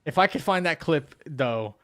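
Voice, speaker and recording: A young man with a slightly high voice chats casually while he plays a game on stream. He drifts between rambling stories told with frequent laughs and low muttering aimed at the game. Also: lively intonation, moderate pace, fairly bright tone. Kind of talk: casual live-stream chat.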